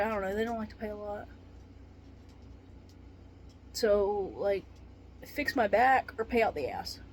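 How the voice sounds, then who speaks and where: A woman who is a retired paramedic, in pain and venting to camera with swearing and dark jokes. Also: medium pitch, a little hiss or hum. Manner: swearing, exasperated, darkly joking.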